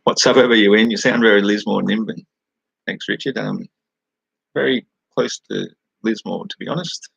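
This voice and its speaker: A man's voice: fairly low pitch, moderate pace, gravelly, a bit bright, breathy edge, no room sound, muffled recording. An Australian man from New South Wales hosting a casual live chat over a webcam, rambling, swearing freely and laughing at his own remarks. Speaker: live-stream host.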